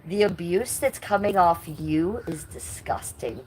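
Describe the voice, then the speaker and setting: A middle-aged woman livestreamer with a nasal, lowish, darkish voice talks bluntly and indignantly to her chat, taking her time. Slight background noise runs under the low-quality recording.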